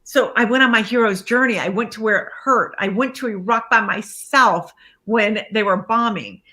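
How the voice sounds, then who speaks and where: A woman with a bright, forceful voice tells her personal story as a guest life coach. She is animated, laughing often and acting out the voices of the people she quotes. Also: fairly high pitch, moderate pace. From Iraqi family background, raised in America. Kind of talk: casual storytelling interview.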